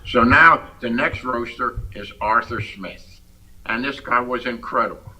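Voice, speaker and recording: A man telling stories as an interview guest, animated and chuckling through his punchlines. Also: medium pitch, unhurried, recorded from a distance, poor audio. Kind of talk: casual anecdote telling.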